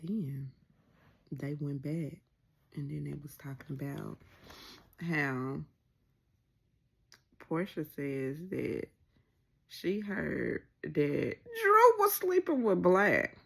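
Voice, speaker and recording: A woman's voice: drawn-out words, gravelly, long pauses, husky. A woman casually recapping a reality show, acting out what people said with big swings in her voice. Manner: animated, acts out quoted lines with pitch jumps.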